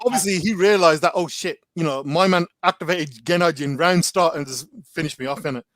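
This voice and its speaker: A man's voice: fairly high pitch, fairly quick, a bit bright, no echo. A man, a guest in a casual chat, telling stories animatedly with lots of slang and filler words. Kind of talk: casual storytelling.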